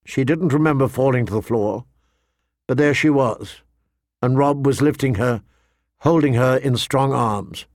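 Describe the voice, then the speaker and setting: A man narrating an audiobook in a measured, somber storytelling manner. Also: medium pitch, a little mellow, no echo, clean studio sound. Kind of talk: scripted narration.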